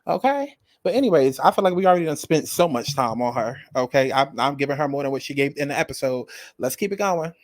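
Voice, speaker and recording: A man's voice: medium pitch, lively intonation, fast, no room sound. A man giving casual, sassy commentary on a reality show, dramatic and profane, addressing the viewer directly.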